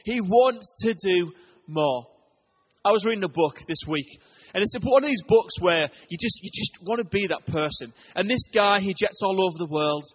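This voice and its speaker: A pastor preaches to his congregation in a lively storytelling way. His voice sits fairly high for a man and has a husky edge. He pushes some lines loud and urgent and drops others to a near hush. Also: normal speed. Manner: animated storytelling preacher, swings between loud and hushed. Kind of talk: sermon.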